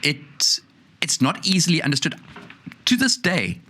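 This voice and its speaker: A middle-aged man, a political guest on a podcast, explaining a policy issue in an animated way and mimicking officials' words. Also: on the high side, a little slow. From South Africa. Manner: explanatory, animated, quotes officials in mock voices. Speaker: energy spokesperson guest. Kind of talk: podcast discussion.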